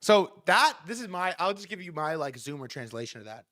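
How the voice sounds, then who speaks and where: Excitable young man streaming, lively pitch. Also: brisk, no room sound, studio quality. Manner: profane, excitable, rambling. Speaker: live stream host. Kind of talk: casual live commentary.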